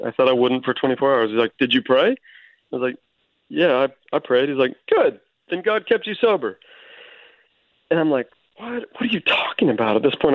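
A man's voice: mid-range voice, no room sound. Man, guest author, earnest storytelling, tinny phone-line audio, dry sound. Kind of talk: casual Christian talk show conversation.

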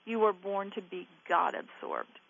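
A woman guest teaching on a Christian call-in radio show, earnest and gently reassuring in a pastoral way. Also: mid-range voice, huge pitch swings, a little slow, vocal fry, breathy edge, lo-fi sound.

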